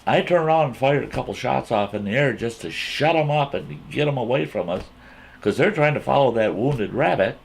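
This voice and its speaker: A man telling a folksy campfire story in an animated way, repeating himself as he builds the scene. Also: medium pitch, creaky, slightly rough. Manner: drawn-out, repetitive, animated retelling.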